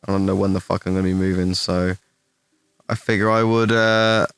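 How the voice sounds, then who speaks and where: A young English man answering chat questions on a stream in casual, rambling talk, swearing freely and putting himself down, with a fairly deep voice. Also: flat delivery, normal speed, fairly bright tone, clean tone, dry recording. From England. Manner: rambling, swears a lot, self-deprecating.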